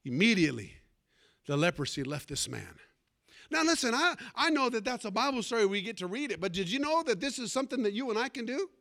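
High-voiced, fervent male preacher. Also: sing-song, fast talker, creaky. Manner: fervent, calls out for amens, swings between loud and hushed. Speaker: pastor. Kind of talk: sermon.

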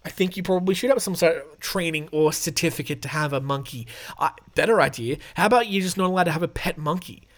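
A man's voice: fairly high pitch, quick pace. An Australian man hosting a podcast, reading news stories aloud with sarcastic, rambling asides and casual swearing. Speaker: podcast host.

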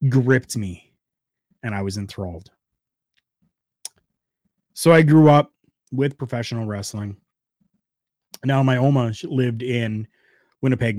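A man hosting a wrestling podcast in casual, heartfelt talk, jumping from loud bursts to quiet asides. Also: mid-range voice, no room sound. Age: adult, former wrestler. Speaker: podcast host.

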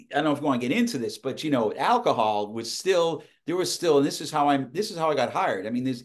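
A man guest on a podcast, telling lively anecdotes in casual conversation, often restarting his sentences. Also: mid-range voice. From United States. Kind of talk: casual storytelling.

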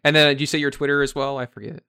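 A man's voice: a little high, flat delivery, very fast, vocal fry, bright, forceful tone, clean tone. A man co-hosting a casual podcast chat, easygoing as he moves the show along. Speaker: podcast co-host.

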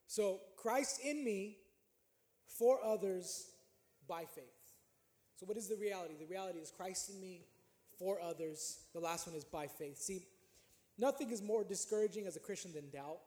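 A man's voice: sits high, unhurried, pauses often, dark tone. A young male pastor preaching a sermon in a conversational way. He repeats phrases and builds up to emphatic preaching. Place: church sanctuary. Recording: echoey room with music behind.

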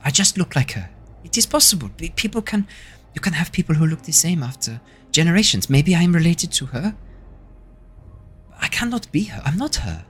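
A man voicing a frightened young woman with a South African accent, halting and insistent in her denials. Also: on the high side, very animated, fairly bright tone, breathy edge, soft background music, pitched above the performer's own voice, heavily acted.

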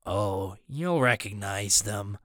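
A man voicing a cold, menacing male ship captain who speaks slowly. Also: expressive, fairly bright tone, no room sound. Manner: slow, low and drawling.

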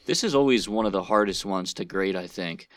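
A man's voice: deep voice, fairly quick, no echo, studio quality. A man co-hosting a casual review podcast, rambling and thinking aloud with fillers. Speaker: podcast co-host, movie reviewer. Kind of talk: casual chat.

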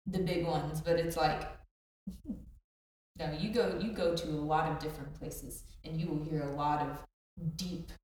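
A woman's voice: low-pitched, normal speed. Chatty Southern woman in an echoey room. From American South. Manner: animated, fillers and laughter. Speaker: podcast co-host. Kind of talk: casual chat. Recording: echoey room, mic at a distance.

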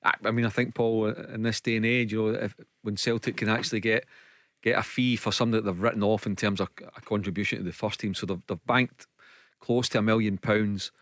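A man giving football analysis on a radio show, measured and prone to repeating words. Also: on the low side, steady tone, fairly bright tone, no echo, studio quality. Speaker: football pundit. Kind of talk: casual radio sports chat. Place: radio studio.

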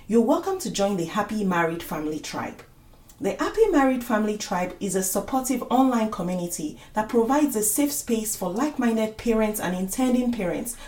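Female podcast host, scripted and inviting, mid pitch, roomy echo. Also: darkish tone. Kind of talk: scripted outro. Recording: echoey room.

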